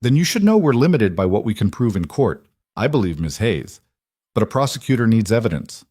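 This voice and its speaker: A careful young police officer talks in a measured, official manner, voiced by a man narrating the story. His voice is on the low side, with a close, dry sound. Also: big pitch swings, warm tone, slightly rough, no room sound.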